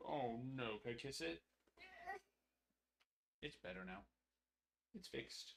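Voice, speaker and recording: A man hosting a card break live stream, chatting casually and playfully, and cooing gently to a child at home. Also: medium pitch, expressive, takes it slowly, gravelly, pauses often, slight background noise.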